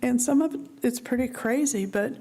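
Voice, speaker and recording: A woman's voice: fairly high pitch, brisk, mellow. A woman sharing a remembrance at a memorial service, thinking aloud and searching for words. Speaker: memorial speaker. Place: ashram gathering hall.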